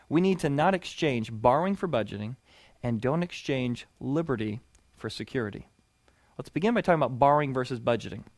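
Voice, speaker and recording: A man with a fairly high voice teaches a sermon-style session. He talks as an animated storyteller and builds up to loud punchlines. The sound is dry and close, with no room echo. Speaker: preacher teaching a series.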